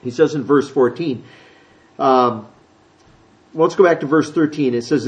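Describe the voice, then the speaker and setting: A man with a high-pitched voice teaches a conversational Bible sermon. He reads scripture aloud and then explains it in a folksy, chatty way. Now and then he slips into quick voices. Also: expressive, lo-fi sound. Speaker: pastor.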